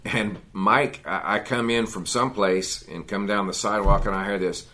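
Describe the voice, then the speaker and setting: A man's voice: fairly low pitch, fairly even intonation, normal speed, sharp tone. A man teaching a men's Bible study in a folksy, conversational sermon style, often adding "you know" and "see".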